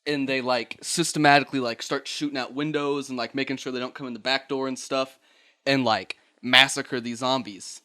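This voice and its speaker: A man's voice: medium pitch, fairly even intonation, normal speed, sharp tone, smooth. A man hosting a podcast, telling a story casually, rambling and laughing, swearing and acting out voices. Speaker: podcast host.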